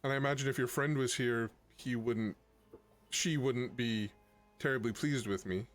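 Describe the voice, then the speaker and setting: A cagey head of necromancy at a school of magic, voiced by a man, nervous and evasive. She stammers and hesitates, picking words with care. The voice sits at an ordinary middle pitch, with faint music behind. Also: moderate pace, lightly acted. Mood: guarded.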